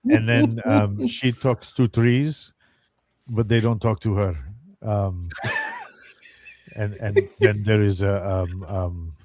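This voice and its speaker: A man's voice: on the low side, lively intonation, slow pace, pauses often, a little mellow, no room sound. A man playing a tabletop game, talking hesitantly and searching for words with many ums. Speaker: player. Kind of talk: tabletop game play, half in character.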